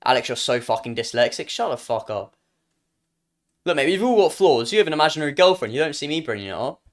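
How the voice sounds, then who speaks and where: A man's voice: on the high side, very animated, fast. A young British man streaming live, reacting to chat with jokes and playful banter, often trailing off and restarting his sentences.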